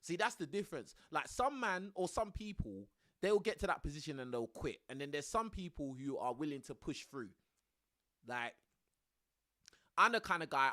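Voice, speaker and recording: A man's voice: mid-range voice, bright, forceful tone. A young man chatting casually on a live stream from his home, laughing often and using lots of slang. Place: home room under a studio light.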